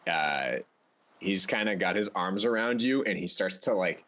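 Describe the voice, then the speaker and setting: A man runs a tabletop game in a fairly low voice, relaxed and quick to laugh. He narrates the scene and rules on the dice. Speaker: game master.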